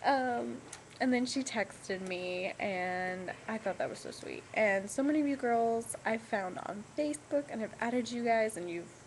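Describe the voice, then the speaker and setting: A woman's voice: on the high side, measured pace, rough recording. A young woman, chatting and rambling to her laptop at home, full of ums. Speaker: vlogger. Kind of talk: casual chat to camera. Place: home room with TV on. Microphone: laptop webcam mic. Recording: home laptop recording with TV noise. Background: television playing.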